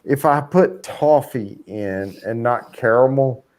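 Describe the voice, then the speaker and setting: A man hosting a live stream, chatting casually and loosely with plenty of fillers. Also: mid-range voice. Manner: slow, relaxed talk with many fillers. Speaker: livestream host.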